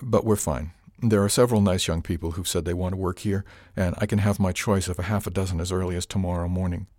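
A man's voice: deep voice, fairly even intonation, fast talker, darkish tone, no room sound, studio quality. A man voicing a shrewd, wry older woman captain who speaks matter-of-factly, in an audiobook.

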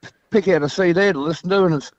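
A man's voice: high voice, fast talker, dry recording. An Australian man calling in to a radio show, spinning a laid-back yarn. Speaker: caller. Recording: dull phone-in line.

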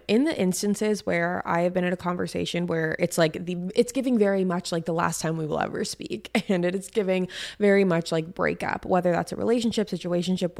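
A woman's voice: on the low side, gravelly, a little mellow. A young woman hosting a podcast, telling stories in a chatty, slangy way. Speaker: podcast host. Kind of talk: casual chat monologue.

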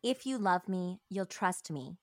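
A woman reading the lines of a calm, deep-voiced, manipulative father from a true crime book, speaking low and slow. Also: dry recording, clean studio sound. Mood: coldly insistent.

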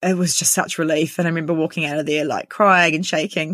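In a clean studio recording with no room sound, a New Zealand woman speaks in a low-pitched, steady, fairly bright voice. As an interviewee, she candidly and quickly recounts a personal ordeal, acting out each person's lines.

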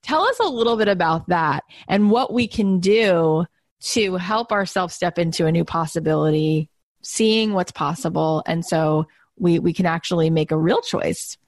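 Woman host, lowish voice, affirming and upbeat, dry sound. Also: moderate pace, no echo. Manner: warm affirming, enthusiastic backchannels. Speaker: podcast host. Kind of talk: casual interview hosting.

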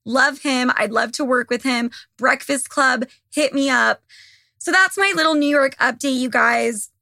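A woman's voice: sits high, measured pace, gravelly, bright, forceful tone, dry recording, studio quality. A young woman hosting a podcast, talking bluntly and with lots of swearing, her voice a bit worn. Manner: blunt, profane, gossipy. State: losing her voice. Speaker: podcast host. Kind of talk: casual monologue to listeners.

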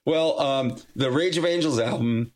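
A man's voice: mid-range voice, moderate pace. A man telling stories as a guest on a podcast, rambling with frequent restarts and fillers, and laughing easily. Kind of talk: casual storytelling interview.

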